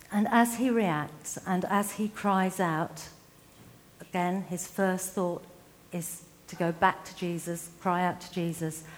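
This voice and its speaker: A woman preaching a reflective sermon, retelling a scripture story with slow, emphatic pauses. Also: medium pitch, a little mellow, a little hiss or hum, rough recording.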